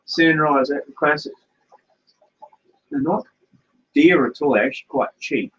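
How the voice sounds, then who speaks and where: A man's voice: fairly high pitch, expressive, measured pace, fairly bright tone, husky. A man hosting a casual live stream from his home fish room, chatting and thinking aloud while he reads comments. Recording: dull lo-fi stream audio.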